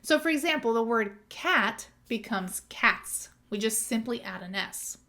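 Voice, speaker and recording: A woman's voice: on the high side, expressive, measured pace, bright, forceful tone. A woman teaching as an exam tutor in a methodical lesson, spelling out words letter by letter. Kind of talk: scripted lesson.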